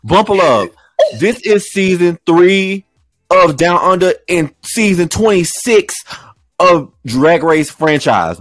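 A man's voice: high-pitched, expressive, slow, no room sound, studio quality, faint music behind. A man co-hosting a podcast in casual chat, given to dramatic mock-angry rants. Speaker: podcast co-host.

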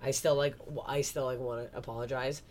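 A woman from Canada, a guest comedian in a casual podcast chat, telling animated stories and swearing often. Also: rumbling low, brisk, a little hiss or hum.

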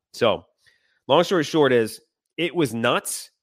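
A middle-aged man telling a heated personal story on a podcast, animated and swearing, acting out the people he quotes. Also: medium pitch, normal speed, no room sound, studio quality. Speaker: podcast co-host. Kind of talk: casual storytelling chat.

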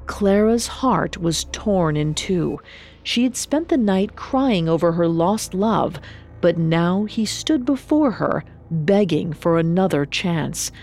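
Woman storyteller, lower voice, measured dramatic storybook narration. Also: a little mellow.

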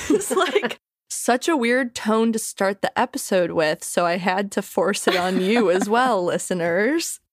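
A woman's voice: medium pitch, animated, unhurried, no room sound, clean studio sound. Crude teasing young woman co-host. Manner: crude, teasing, swears freely. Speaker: podcast co-host. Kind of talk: casual chat.

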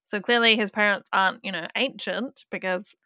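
A woman co-hosting a casual film podcast, animated and quick to mimic characters in funny voices. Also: medium pitch, dry recording. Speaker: podcast co-host.

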